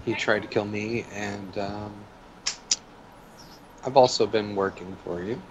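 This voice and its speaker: Low man on a noisy, distant mic. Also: fairly even intonation, slow, dull audio. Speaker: player. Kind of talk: in-character tabletop role-play.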